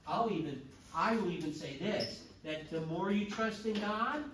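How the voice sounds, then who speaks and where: A man's voice: high-pitched, unhurried. A man teaching a church confirmation class, asking the students questions and acting out the voices in the story. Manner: animated, acts out story voices. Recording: echoey room from far off, noisy.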